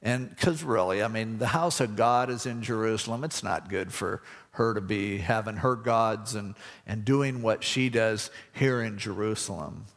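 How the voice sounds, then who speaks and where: A man's voice: on the low side, normal speed, hardly any pauses, fairly bright tone, long reverb tail. A man preaching a conversational sermon, acting out the voices in his stories. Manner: conversational, acts out voices in anecdotes. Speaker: pastor.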